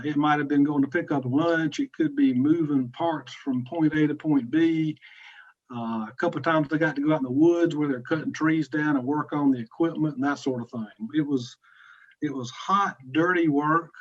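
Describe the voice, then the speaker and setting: A man's voice: a little high, fairly even intonation, moderate pace, lo-fi sound. A man from South Carolina with a Southern accent, talking easily as a podcast guest about his career. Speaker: podcast guest, insurance agency president. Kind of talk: casual interview talk.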